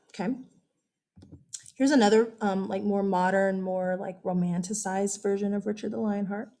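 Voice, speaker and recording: A woman history teacher giving a casual, chatty lecture, correcting herself and asking her students questions. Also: medium pitch.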